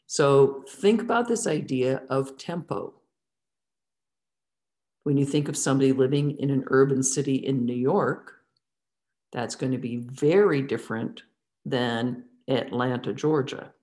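A woman's voice: rumbling low, unhurried, a little mellow. A woman teaching a theatre class in a lecture style, asking the students many questions and drawing words out for emphasis. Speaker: theatre instructor.

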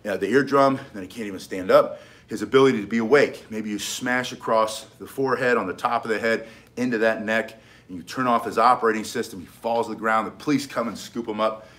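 In a casual self-defense lesson, this middle-aged man keeps hammering key points and restarting sentences, all delivered emphatically. His voice is lowish, fairly quick and a bit bright.

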